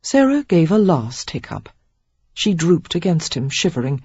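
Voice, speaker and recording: Expressive woman reading an audiobook. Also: low-pitched, measured pace, breathy edge, no echo. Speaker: audiobook narrator. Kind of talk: scripted narration. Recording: dull, dry audiobook recording.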